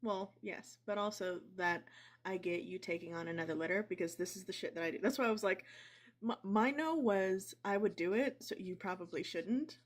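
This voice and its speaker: A woman's voice: mid-range voice, moderate pace. A woman on a livestream chat, talking earnestly and reflectively. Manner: earnest, reflective, talks things through. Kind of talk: casual chat.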